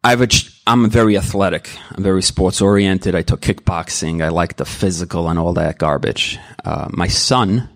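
At a recovery meeting, a middle-aged man shares his personal testimony in a deep, low voice, candid and emotional. He speaks at normal speed with hardly any pauses, earnest and rambling, often circling back and restarting sentences. The recording is dry and close, without room echo.

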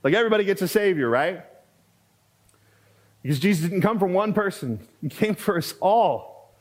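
A pastor delivers a sermon in a relaxed, conversational manner, with a somewhat higher male voice. He repeats key phrases for emphasis and drifts into quick asides before returning to his point.

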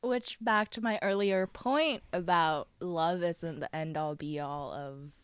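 A woman co-hosting a casual book club podcast, expressive, swinging from low asides to sudden bursts. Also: slow, clean tone, dry recording. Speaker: podcast co-host.

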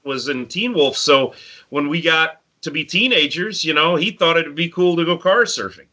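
Expressive and bright, this forceful, a-little-high male voice moves at normal speed as the man, in his forties, co-hosts a podcast. Chatting about a movie he loves, he recounts a tale from growing up in the countryside and imitates his friends' voices.

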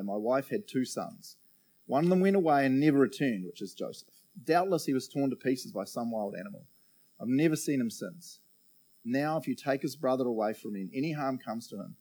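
A man preaching a sermon, reading scripture aloud and explaining it in animated storytelling with frequent "right?" asides. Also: mid-range voice, fairly quick.

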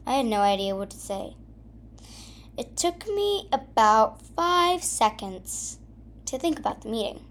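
Woman reading a story, lively and slow. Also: fairly high pitch. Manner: expressive, up-and-down reading. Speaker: story reader. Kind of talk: first-person storytelling.

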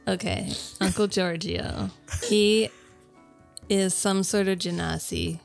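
A woman's voice: medium pitch, fairly even intonation, slow, vocal fry, soft background music. A woman player in a tabletop game, rambling casually and saying "like" a lot. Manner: rambling, full of "like".

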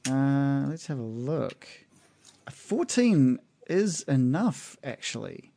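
Male game master, gravelly voice, laid-back, stop-start delivery. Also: mid-range voice, slow pace. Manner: relaxed, hesitant with many fillers. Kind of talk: narrating a tabletop game.

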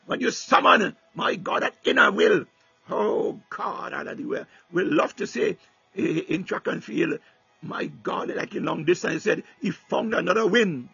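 A man's voice: sits high, a little slow, creaky, a bit bright, husky, no room sound, muffled recording. A man preaching a sermon with fervor, repeating "my God" and "hallelujah" between phrases and breaking into tongues.

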